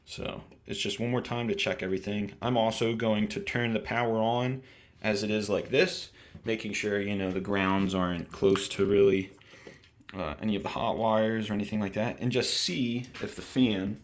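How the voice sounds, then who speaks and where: Low-ish voiced young guy doing a diy how-to, relaxed, lots of ums. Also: moderate pace. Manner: relaxed, thinking aloud with fillers. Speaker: DIY video host. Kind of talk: casual how-to narration. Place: indoors in a home bathroom.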